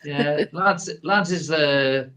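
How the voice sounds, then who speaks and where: A man's voice: fairly high pitch, takes it slowly, pushed and bright. A middle-aged man, chatting casually and stumbling through restarts. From England. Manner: rambling, hesitant, many restarts. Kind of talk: casual chat.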